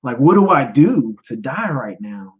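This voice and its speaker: A man in his thirties, a podcast host telling his own story in a personal testimony, emotional and halting, repeating himself and fighting back tears. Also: mid-range voice, very animated, dull audio. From United States. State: choked up, near tears. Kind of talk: personal testimony, live stream talk.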